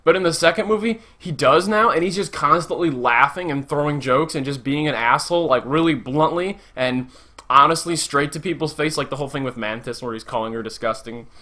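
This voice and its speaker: A man with a fairly high, bright, forceful voice gives a casual spoken review. He is animated and chatty, scattering "like" through his sentences and swearing mildly as he riffs. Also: a little fast. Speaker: movie reviewer.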